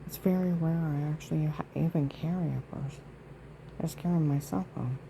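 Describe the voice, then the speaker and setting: A woman rambles through an indignant, aggrieved monologue for her vlog, emphatic and full of asides. Her voice sits low and dark, with a gravelly rasp, and a faint hiss runs underneath. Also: fairly even intonation, normal speed, low-quality recording. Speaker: vlogger.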